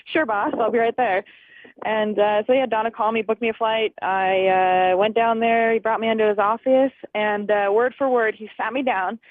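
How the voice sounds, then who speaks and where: A woman's voice: on the high side, steady tone, normal speed, few pauses, no echo. A young woman in her twenties, a fighter guest, chatting on a phone call, laughing often and acting out conversations. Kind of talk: phone interview. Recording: tinny phone line.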